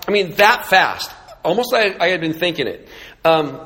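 Man pastor, high bright voice, echoey church. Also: expressive, normal speed. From California. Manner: flippant, sarcastic, self-mocking. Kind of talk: storytelling sermon. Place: church sanctuary. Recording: echoey hall reverb.

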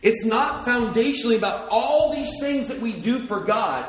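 A man preaching a sermon, dropping soft and low for hushed passages and climbing to near-shouts at the peaks. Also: expressive, moderate pace, hardly any pauses, reverberant, rough recording. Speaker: pastor.

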